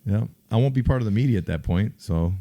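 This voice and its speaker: Lowish-voiced man telling locker room stories. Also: quick pace. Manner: animated storyteller, acts out loud shouted quotes. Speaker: podcast co-host, former pro football player. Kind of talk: casual sports chat and storytelling.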